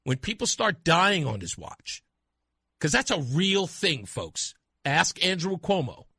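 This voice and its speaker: A man hosting a talk radio show, delivering an animated, mocking opinion monologue. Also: fairly high pitch, slow, breathy edge, dry recording, clean studio sound. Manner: animated, mocking, acts out voices.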